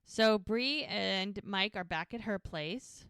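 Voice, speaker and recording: A woman's voice: mid-range voice, slow, a bit bright, clean tone, no room sound, clean studio sound. A woman podcast co-host chatting casually, recapping TV scenes and retelling the characters' dialogue in detail. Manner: retells dialogue in detail, acting out the lines in quotes.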